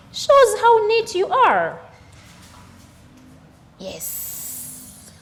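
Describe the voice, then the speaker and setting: A woman teaching a children's maths lesson, speaking slowly and deliberately, asking the viewer questions and counting aloud. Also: medium pitch. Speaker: primary school maths teacher. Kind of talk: recorded classroom lesson for children.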